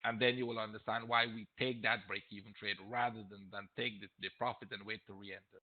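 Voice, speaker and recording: A man's voice: fairly low pitch, level tone, brisk. A man teaching trading on a live question-and-answer stream, blunt and emphatic, repeating his points and getting heated. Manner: blunt, emphatic, repeats himself, gets heated and loud at times. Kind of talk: live Q&A webinar. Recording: tinny phone-like audio.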